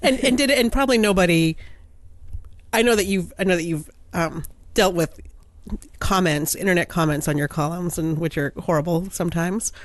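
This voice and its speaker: Woman, co-host, halting restarts, dry mic. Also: fairly low pitch, no room sound. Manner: halting, restarts her sentences. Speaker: podcast co-host. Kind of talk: casual podcast interview.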